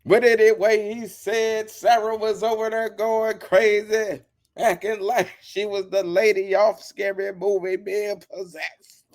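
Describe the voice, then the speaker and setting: A man's voice: high voice, little pitch movement, a little slow. A man hosting his channel, retelling a story with teasing jokes, repeating lines and acting out quotes. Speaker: channel host. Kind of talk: animated storytelling commentary.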